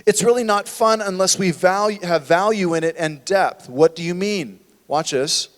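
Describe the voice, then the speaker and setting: A man's voice: sits high, normal speed, in a large hall. A man preaching a sermon as a church pastor, conversational and full of rhetorical questions. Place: church sanctuary.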